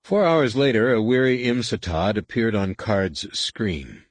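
A man narrating an audiobook chapter in a measured, even reading. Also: fairly low pitch, no room sound. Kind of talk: scripted narration.

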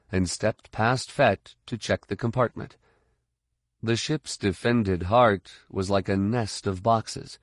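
A man narrating an action novel in a steady, measured reading on a close mic. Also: on the low side, dry recording. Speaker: audiobook narrator. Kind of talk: scripted narration.

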